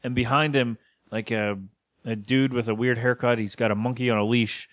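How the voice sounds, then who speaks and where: A man co-hosting a podcast, casually recapping a cartoon episode with jokes and quick quoted voices. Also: medium pitch, steady tone, fairly bright tone, no room sound, studio quality. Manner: joking, retells scenes with quick put-on quotes. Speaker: podcast co-host.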